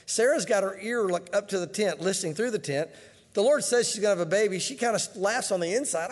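A man's voice: sits high, quick pace, in a large hall. A man preaching a Bible-teaching sermon in a conversational way, with joking asides. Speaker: pastor.

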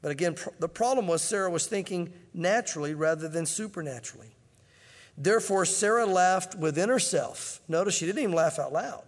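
A man's voice: high voice, brisk, big-room sound. A man preaching a Bible-teaching sermon in a conversational way, with joking asides. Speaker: pastor.

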